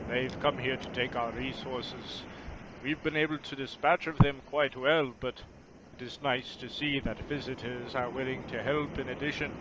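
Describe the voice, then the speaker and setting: A man voicing a grateful, helpful male fishing villager who speaks politely and haltingly. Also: mid-range voice, lightly acted. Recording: muffled lo-fi recording with steady background noise.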